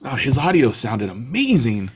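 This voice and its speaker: Jokey man with a lively swinging voice. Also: medium pitch, normal speed, breathy edge. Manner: jokey, bouncy storytelling. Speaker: podcast co-host. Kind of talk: casual live-stream chat.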